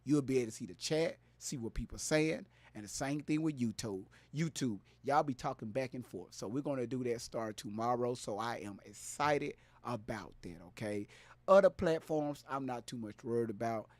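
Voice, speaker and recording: A man hosting a casual live stream, loud and playful, hyping up his viewers and greeting them by name. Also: mid-range voice, normal speed, no room sound.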